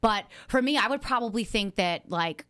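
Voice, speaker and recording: Woman host, bright and forceful tone, dry close mic, chatty. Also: medium pitch, animated, no room sound. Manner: chatty, supportive, quick-talking. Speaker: podcast host. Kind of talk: casual podcast chat.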